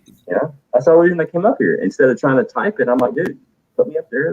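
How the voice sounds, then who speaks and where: A man's voice: medium pitch, animated, fast talker, darkish tone, husky. A man who is a caller on a live audio panel, talking in casual chat with emphatic, profane, rambling speech. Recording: tinny phone-line audio.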